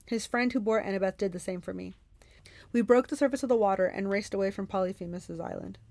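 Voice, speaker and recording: A woman reading a novel aloud for a book club, in steady first-person narration. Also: medium pitch, quick pace, gravelly, dry recording.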